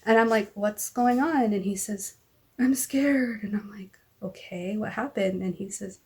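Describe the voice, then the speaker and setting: A mother vlogs casually in a mid-range, steady voice at a moderate pace. She tells a long, rambling personal story, acting out what other people said.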